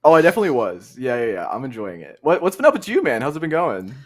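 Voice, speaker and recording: A man's voice: mid-range voice, wildly swooping pitch, quick pace. A young man from the southern United States, co-hosting a podcast in a laid-back, slangy way with frequent laughs. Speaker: podcast co-host. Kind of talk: casual podcast chat.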